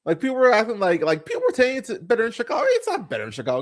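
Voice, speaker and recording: A man's voice: sits high, wildly swooping pitch, rapid-fire. Profane rambling podcast host, a man. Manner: blunt, profane, rambling with many fillers. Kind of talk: casual podcast chat.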